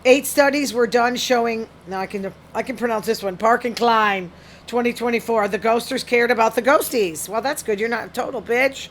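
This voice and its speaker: A woman hosts a solo talk show podcast, offering casual commentary as she reads study findings from the news aloud and reacts bluntly and frankly. Her voice is on the high side at a moderate pace, with a little hiss or hum in the audio.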